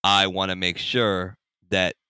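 Bright-voiced young man telling a story. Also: sits low, slow, clear, resonant tone, dry recording, clean studio sound. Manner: animated, acts out voices in anecdotes. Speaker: guest. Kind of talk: casual storytelling.

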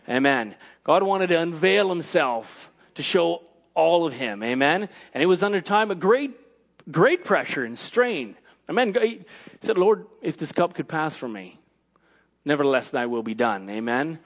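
A man preaching a sermon, punctuating his lines with "Amen" and rising to shouted emphasis. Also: medium pitch.

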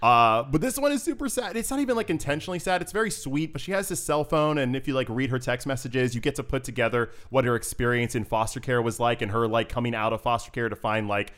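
A man co-hosting a casual chat about video games, lively and quick to laugh, acting out little quotes as he talks. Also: medium pitch. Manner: animated, laughs often, acts out quotes. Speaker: podcast co-host.

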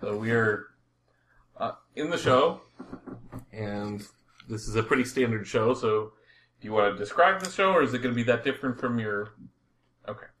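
A man acting as game master, narrating a tabletop game in a relaxed, rambling way with frequent laughs. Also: medium pitch, moderate pace, pauses often, slight background noise.

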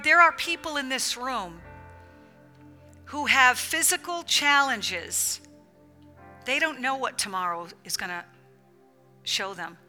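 High bright-voiced fervent woman preacher. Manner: fervent, emphatic, repetitive preaching cadence. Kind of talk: sermon. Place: women's church gathering.

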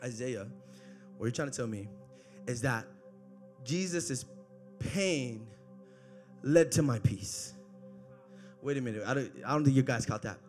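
A young man preaching a live church sermon, swinging between hushed, intimate passages and loud, shouting peaks, with jokes for the congregation. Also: mid-range voice, a little slow, long pauses, soft background music.

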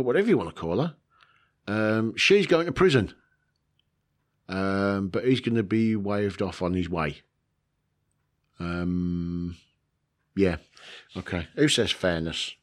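A man, chatting casually in a rambling way, with chuckles, swearing and lots of fillers. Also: on the low side. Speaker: vlogger. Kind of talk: casual chat.

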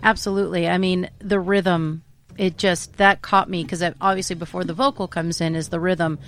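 A woman's voice: fairly low pitch, little pitch movement, normal speed. A woman co-hosting a music show in casual chat, effusive and piling up describing words. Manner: effusive, piles up adjectives.

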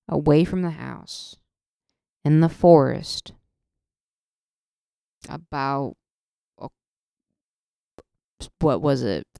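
A woman's voice: low-pitched, gravelly, clear, resonant tone, no echo, studio quality. A woman hosting a solo podcast, ranting in an emotional, profane way, often stopping and restarting her sentences. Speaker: podcast host. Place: podcast studio.

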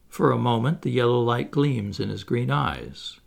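A man reading a stage play aloud, giving the stage directions in an expressive, theatrical way. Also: mid-range voice, moderate pace, creaky. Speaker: reader.

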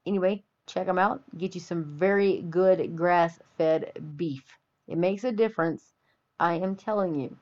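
A woman's voice: on the low side, unhurried, darkish tone. A woman from the Texas Panhandle, hosting an opinionated monologue with a folksy, preachy and emphatic delivery. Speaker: podcast host. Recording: dull lo-fi audio.

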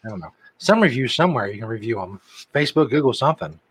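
A man's voice: medium pitch, sing-song, quick pace, a bit bright, slightly rough, low-quality recording. A man co-hosting a casual podcast, teasing his co-host with jokes and mock outrage. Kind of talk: casual chat.

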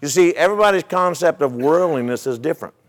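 A man's voice: fairly high pitch, expressive, quick pace. A male pastor preaching a sermon, retelling a story in a folksy way and asking the congregation rhetorical questions.

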